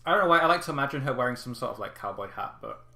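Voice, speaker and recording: A man narrating a tabletop game as game master, his voice bright and sharp at a middle pitch. He rambles and hesitates with lots of fillers, and the sound is roomy and echoing. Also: animated, rapid-fire, gravelly.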